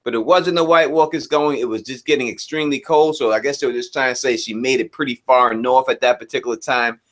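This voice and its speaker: A man's voice: medium pitch, fairly even intonation, quick pace. Chatty man co-hosting a live stream. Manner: laid-back, chatty, shouts out chat viewers. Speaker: co-host of a live review show. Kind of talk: casual live-stream chat.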